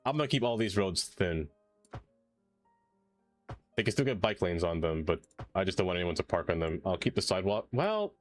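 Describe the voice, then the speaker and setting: A man with a slightly low voice gives casual running commentary on his city-building game. He jokes to himself as he works. Faint music plays under his voice. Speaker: streamer.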